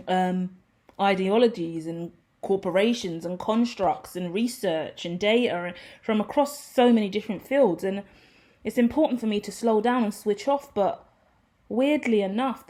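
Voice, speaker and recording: A woman giving a casual, rambling tarot reading to her viewers, excitable, swearing freely and laughing at herself. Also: mid-range voice. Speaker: tarot reader.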